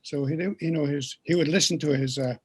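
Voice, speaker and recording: A man speaking as a guest speaker, telling stories in a gentle teaching way and having listeners repeat words after him. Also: on the high side, steady tone, fairly quick, husky. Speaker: guest speaker and pipe keeper. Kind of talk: storytelling teaching talk.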